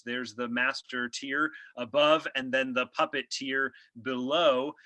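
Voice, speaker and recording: A man playing a smooth, showy male talk-show host with announcer-like patter. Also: medium pitch, bright, forceful tone, no room sound.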